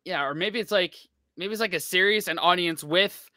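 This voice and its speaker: Bright, crisp-voiced American man. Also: sits high, normal speed, no room sound, clean studio sound. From United States. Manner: thoughtful, hesitant with restarts. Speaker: reaction video co-host. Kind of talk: casual chat.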